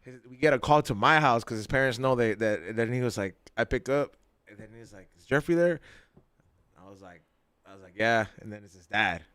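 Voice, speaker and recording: A man on a casual podcast telling a long, animated story, full of slang and laughter. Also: medium pitch, fairly quick, clean tone, no room sound.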